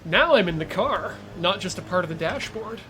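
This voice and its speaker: A man's voice: high voice, animated, normal speed. Chatty male streamer over engine noise. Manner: chatty, self-coaching, joking asides. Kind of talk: casual live-stream commentary while sim racing. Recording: game car engine noise underneath. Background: racing game engine and track sounds.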